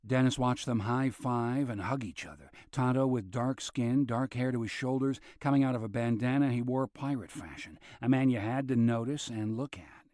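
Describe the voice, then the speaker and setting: A man narrating a thriller audiobook, shifting his pitch as he voices different characters. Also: moderate pace, few pauses, darkish tone, dry recording, clean studio sound. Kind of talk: scripted narration.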